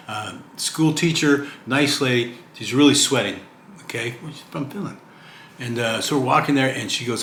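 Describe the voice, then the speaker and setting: A retired man in his sixties chats to camera in a rambling vlog, constantly checking in with "okay?". His mid-range voice is brisk, a bit bright, with lively intonation. The camera mic picks up a roomy echo and faint hiss.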